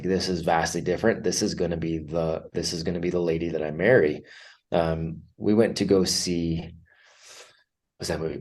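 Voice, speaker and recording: A man's voice: low voice, a little mellow. A middle-aged man as a podcast guest, telling personal stories in an earnest, reflective way, with frequent fillers and restarts. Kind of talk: candid conversational storytelling.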